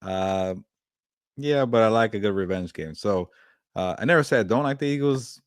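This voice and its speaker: A man's voice: on the low side, normal speed, clear, resonant tone, dry recording, clean studio sound. A man co-hosting a casual sports podcast, laid-back and hesitant, often trailing into "you know.". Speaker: podcast co-host.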